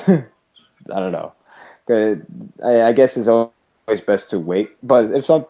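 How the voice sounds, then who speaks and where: A man chatting loosely on a fan podcast, rambling between bursts of laughter. His voice sits low and mellow. The sound is muffled and lo-fi. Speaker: podcast co-host. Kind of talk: casual fan podcast chat. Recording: muffled lo-fi voice chat audio.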